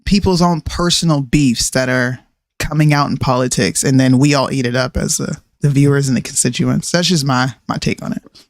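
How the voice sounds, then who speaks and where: A woman's voice: a bass voice, fairly even intonation, normal speed, no echo, clean studio sound. A woman co-hosting a casual political livestream, opinionated and talking over clips. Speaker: co-host.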